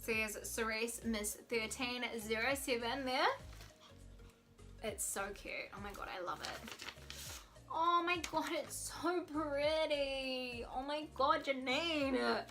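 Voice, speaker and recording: A woman vlogger talking from home, her high voice bright and crisp as she gushes over each gift. She is excitable and giggly, with faint music playing underneath. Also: slow. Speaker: beauty vlogger. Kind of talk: casual unboxing vlog.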